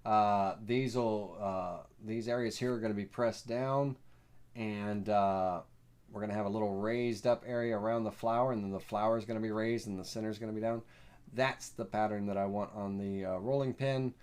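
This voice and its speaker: A man with a Southern US accent hosting a live software tutorial, rambling and folksy with lots of fillers. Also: on the low side, steady tone, moderate pace, clear, resonant tone. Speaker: host.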